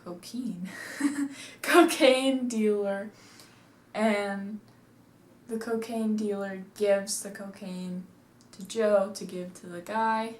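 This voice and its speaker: Seated at home in an echoey room, a woman casually reviews a movie, rambling through the plot in a chatty retelling packed with "like." Her mid-range voice is a little mellow, with fairly even intonation and an unhurried pace.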